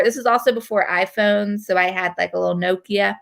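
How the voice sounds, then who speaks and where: A woman in her thirties from North Carolina, hosting and telling a story in casual chat, animated and full of fillers. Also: mid-range voice, a little fast, vocal fry, hardly any pauses. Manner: animated, chatty, with frequent fillers. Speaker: host.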